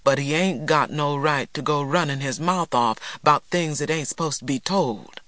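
A cold, stern older boy who levels accusations quietly and firmly, as a man reading a storybook voices him. The sound is close and dry. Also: on the high side, normal speed, no echo. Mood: accusing.

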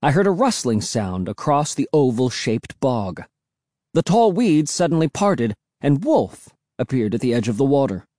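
A man reading a children's novel aloud as an audiobook narrator, voicing the children's dialogue with shifts in pitch. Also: very animated, normal speed, dark tone, no echo, clean studio sound.

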